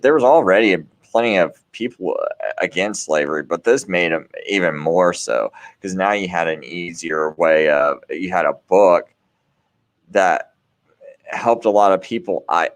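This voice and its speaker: A deep-voiced man hosts a late-night show, delivering a casual, rambling monologue that is full of restarts and "you know"s and has an earnest, preachy bent.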